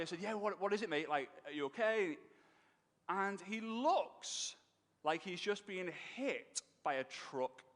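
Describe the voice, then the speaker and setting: A man telling his business story on stage, animated and emotional, acting out what others said. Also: high voice, moderate pace. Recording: long hall reverb.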